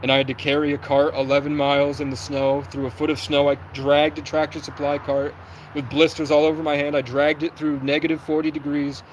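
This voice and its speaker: A young man on a livestream, recounting events in an agitated, rapid way and acting out what people said. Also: fairly high pitch, completely flat delivery, a little hiss or hum, low-quality recording. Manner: agitated, rapid storytelling with reenacted quotes. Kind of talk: livestream monologue.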